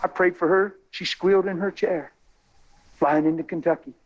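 A man telling a testimony in a sermon, animated and folksy, building to excited exclamations. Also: high voice, normal speed, highs cut off. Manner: colloquial, folksy phrasing.

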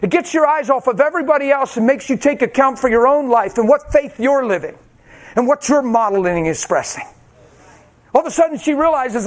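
A man's voice: very high-pitched, animated, a little fast. A man preaching a sermon, telling his own testimony with emotion and acting out the voices in it. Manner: dramatic, acts out voices, cries out.

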